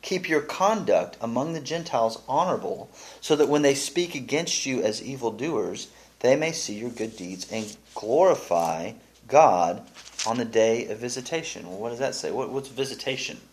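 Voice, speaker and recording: A man's voice: mid-range voice, normal speed. A man leading a casual Bible study, teaching with many restarts and reading verses aloud. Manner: animated, restarts often, reads scripture aloud.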